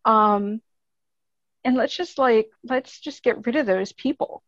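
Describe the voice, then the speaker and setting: A woman's voice: on the high side, slow, no echo, lo-fi sound. A woman with a Canadian accent, speaking as a podcast guest in casual, earnest, rambling chat, laughing often.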